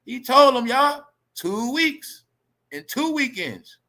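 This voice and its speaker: A livestream host, a man, ranting loudly and profanely to his chat, animated and talking straight to viewers. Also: extremely high pitch, takes it slowly. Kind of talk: ranting celebrity gossip commentary.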